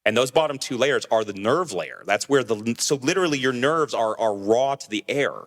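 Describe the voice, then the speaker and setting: A man telling a story in casual podcast chat, animated and acting out what others said to him. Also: medium pitch, moderate pace. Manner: animated, acts out quoted voices, many restarts. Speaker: podcast co-host telling his crash story.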